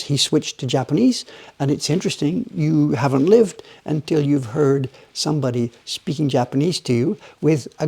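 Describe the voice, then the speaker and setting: Guy with a raspy gravelly voice rambling to his stream viewers while carving woodblocks. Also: on the high side. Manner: rambling, animated storytelling, chats with viewers. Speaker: livestream host, woodblock carver. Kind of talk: casual chat while working. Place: workshop.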